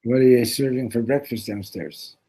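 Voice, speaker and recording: A man voicing a calm, wise old man in a told fable, speaking patiently and reasoning gently. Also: medium pitch, moderate pace, breathy edge, close to an everyday voice, poor audio.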